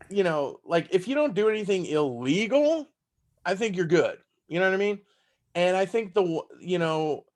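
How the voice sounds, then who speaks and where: Southern-accented comedian, slightly high voice. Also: male voice. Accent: Southern American. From Texas. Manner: loose, profane, laughing storyteller. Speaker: stand-up comedian guest. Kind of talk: casual podcast chat.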